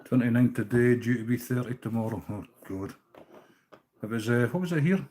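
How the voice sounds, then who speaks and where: A man's voice: mid-range voice, quick pace, darkish tone, a little hiss or hum. A Scottish man hosting a live stream, chatting casually with viewers as he ties fishing flies, easygoing and now and then swearing. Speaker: livestream host tying fishing flies. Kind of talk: casual live-chat while working.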